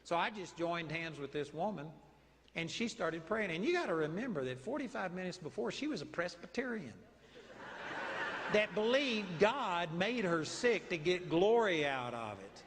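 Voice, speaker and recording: A man's voice: high-pitched, normal speed, in a large hall, a little hiss or hum. A man with a Texan accent preaching a sermon, telling stories and declaring with force. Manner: animated storytelling preaching, commanding declarations.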